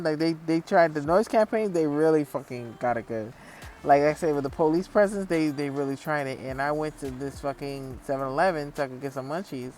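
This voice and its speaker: A vlogger talking in a casual, rambling monologue, swearing a lot and full of fillers, acting out other people when telling stories. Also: medium pitch. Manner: profane, rambling, frequent fillers; lively storyteller acting out others.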